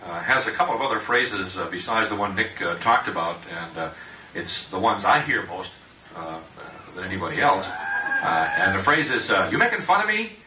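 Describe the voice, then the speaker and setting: A middle-aged man giving a joking roast speech at a party, halting with many uhs and laughing at his own jokes. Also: low-pitched, expressive. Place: party room with guests. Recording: echoey room, distant mic, background noise.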